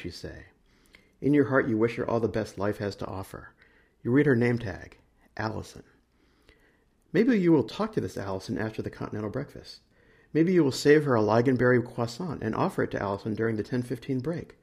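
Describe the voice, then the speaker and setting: A man narrates a short story in a dry, measured way. His voice sits low and is gravelly and husky, with a rough, fraying edge. It suits a literary podcast reading. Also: a little mellow. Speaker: story reader.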